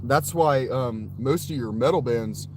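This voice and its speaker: A man's voice: mid-range voice, measured pace, background noise. A man chatting casually and swearing a lot as he reacts to music, often breaking into laughter. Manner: profane, laughing, animated.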